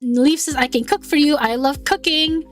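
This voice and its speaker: A woman's voice: high-pitched, normal speed, faint music behind. A young woman streaming casual chat, stumbling over and repeating her words and laughing often. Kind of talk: casual chat, reading out chat messages.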